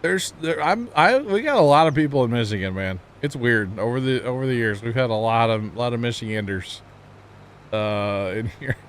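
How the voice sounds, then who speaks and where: A man's voice: medium pitch, moderate pace, a little hiss or hum. A man chatting casually with his viewers while streaming a game, talkative and self-teasing, laughing often.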